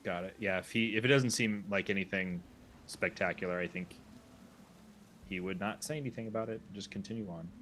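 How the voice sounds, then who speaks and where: Low-voiced man playing a tabletop game. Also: a little fast, fairly bright tone, slight background noise. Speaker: player. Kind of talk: casual chat while playing a tabletop game.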